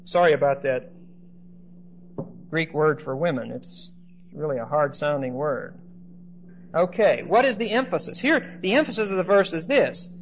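A man's voice: a little high, lively intonation, moderate pace, pauses often. A man teaching a Bible class in lecture style, often checking in with his listeners by asking "okay?". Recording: dull lo-fi recording with faint noise.

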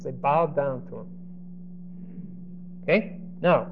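A man preaching and teaching verse by verse, acting out the quoted speech of the people in the story with lively shifts, and often repeating words as he starts a line. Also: a little high, measured pace, long pauses. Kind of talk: expository Bible teaching. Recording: dull lo-fi recording with faint hiss.

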